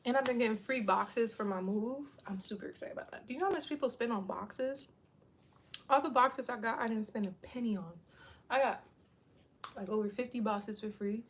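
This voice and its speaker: A woman's voice: on the high side, moderate pace, a little hiss or hum. A woman in her thirties chatting casually to her viewers, rambling and saying "like" a lot. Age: 30s. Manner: rambling, heavy use of "like". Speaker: vlogger.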